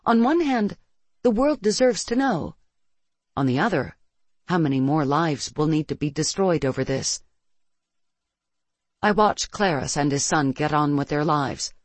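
A narrator reading a first-person science-fiction story in a steady, measured way. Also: mid-range voice, no room sound.

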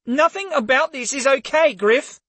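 A man's voice: very high voice, very animated, moderate pace, a bit bright, dry recording, voice pushed up, exaggerated voice. A man reading an audiobook voices a small, fierce young woman who talks sharply and venomously, her voice cracking with emotion. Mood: furious. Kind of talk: audiobook character voice.

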